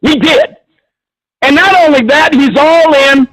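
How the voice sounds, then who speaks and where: A man's voice: very high-pitched, measured pace, a bit bright, rough recording. A man calling in to a talk show, arguing bluntly and combatively with frequent swearing. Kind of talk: heated call-in argument.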